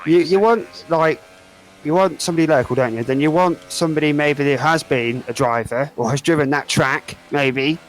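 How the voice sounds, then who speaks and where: A man's voice: on the high side, normal speed, a little hiss or hum, low-quality recording. Hesitant man in casual chat. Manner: hesitant, fills with um and uh, ends on tag questions. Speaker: podcast co-host.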